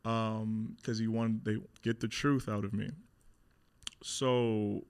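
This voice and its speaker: A man's voice: lowish voice, level tone, takes it slowly, a little mellow, smooth. A young man speaking as a podcast guest, telling a hard personal story in a casual, candid way with lots of fillers and swearing.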